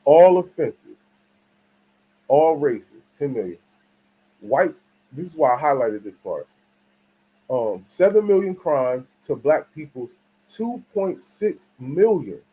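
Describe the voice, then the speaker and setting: A man's voice: a little high, very animated, takes it slowly, long pauses, mellow, slightly rough, low-quality recording. Slangy man telling a rambling story. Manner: rambling, slangy, restarts often; asks the audience for agreement. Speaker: channel host. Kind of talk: casual commentary and storytelling.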